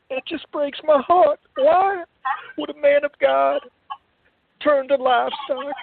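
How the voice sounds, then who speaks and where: A man's voice: very high voice, takes it slowly, creaky, no echo. A man calling in to a comedy show, stammering and sounding grief-stricken and exasperated. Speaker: caller. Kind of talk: comedic call-in bit. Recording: tinny phone line.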